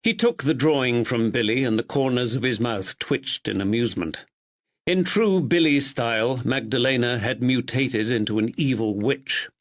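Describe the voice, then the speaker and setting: A man reading a mystery audiobook in a measured, expressive style. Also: mid-range voice. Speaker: audiobook narrator. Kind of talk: scripted narration.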